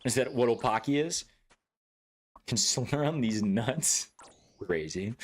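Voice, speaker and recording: A man's voice: medium pitch, expressive, slow pace, pauses often. Laid-back, joking male game streamer. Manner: joking and laid-back, swears freely, laughs often. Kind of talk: casual live-stream chat with viewers.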